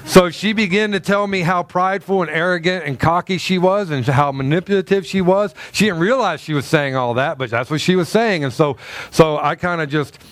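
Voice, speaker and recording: A man's voice: high voice, fairly quick, dry recording. Storytelling male pastor, dry close sound. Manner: storytelling, with many fillers and restarts. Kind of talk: sermon.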